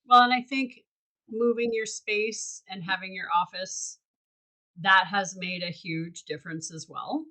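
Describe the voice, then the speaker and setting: A woman's voice: mid-range voice, fairly even intonation, a little slow, pushed and bright, low-quality recording. A woman co-hosting a casual podcast chat, reflective and coaching, often restarting her sentences. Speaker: podcast co-host.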